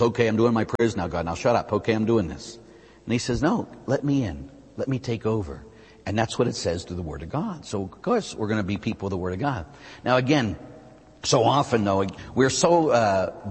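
Catholic priest preaching, husky voice, lively pitch, long church reverb. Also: male voice. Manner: animated storytelling with rhetorical "huh?" asides. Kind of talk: sermon.

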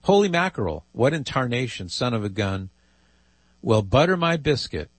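A man's voice: medium pitch, big pitch swings, normal speed, breathy edge, no room sound. A man hosting a call-in radio show, reading listener emails aloud with amused asides. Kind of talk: casual call-in radio talk.

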